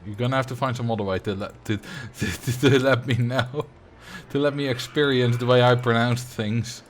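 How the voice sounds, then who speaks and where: A man with a Dutch accent and Dutch as his first language hangs out on his game livestream, responding to chat with easy laughter and frequent restarts. He speaks at medium pitch and normal speed with fairly even intonation, over a faint hiss or hum.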